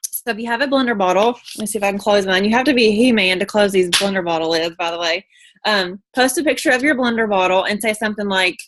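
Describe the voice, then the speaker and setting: A woman's voice: medium pitch, quick pace, a bit bright, no room sound. A woman giving a casual, bubbly sales training talk to her team, chatty with frequent ums. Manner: bubbly, chatty, many fillers. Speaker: network marketing team leader.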